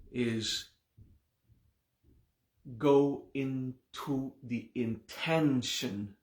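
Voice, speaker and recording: A man teaching a live class, slowly and patiently explaining word meanings, checking in often with his students. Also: mid-range voice, reverberant. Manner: slow, explains patiently with repeated "okay?".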